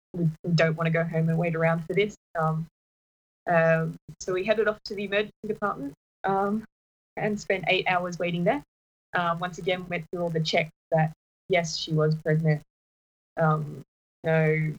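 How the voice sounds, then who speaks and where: Low-voiced woman, halting talk. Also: muffled recording. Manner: halting, with many restarts and fillers. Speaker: partner sharing a personal story. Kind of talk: casual chat.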